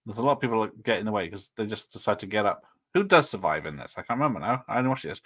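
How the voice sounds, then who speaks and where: A man's voice: fairly low pitch, lively intonation, very fast, fairly bright tone. A man hosting a casual film watch party, laughing often and swearing freely. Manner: giggly, frequent laughter, swears.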